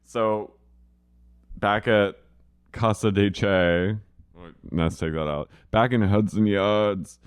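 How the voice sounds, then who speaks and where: A man's voice: on the low side, slow, clean tone, no echo, clean studio sound. A man co-hosting a podcast, casually and wryly recapping a TV show. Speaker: podcast co-host.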